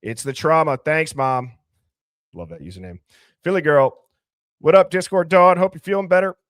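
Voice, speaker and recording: A man with a fairly high voice hosts a live call-in stream, upbeat and joking, laughing easily between remarks. His voice is close and dry, with no room sound around it. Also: moderate pace, a bit bright, no echo. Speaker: host of a live call-in show. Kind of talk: casual live-stream chat.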